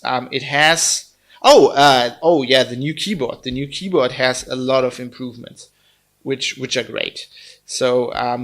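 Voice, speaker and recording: A man's voice: mid-range voice, fairly bright tone. A man with a German accent giving a casual, blunt phone review, chatty and full of fillers and restarts. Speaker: tech reviewer.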